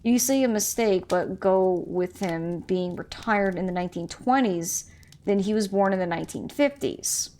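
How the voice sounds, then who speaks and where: A woman's voice: mid-range voice, normal speed, darkish tone, a little hiss or hum. A woman streaming a mystery game, chatting casually, reading game text aloud and musing, and stumbling over hard names.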